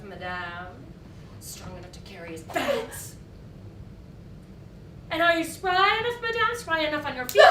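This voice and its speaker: A bitter, scheming maid, mocks and menaces in a high, unhurried voice. She sounds theatrical and cruel. The recording catches an echoey stage from a distance, with faint hiss. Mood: mocking. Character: Solange, a bitter scheming maid, adult woman. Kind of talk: stage acting. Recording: echoey stage from far off, light noise.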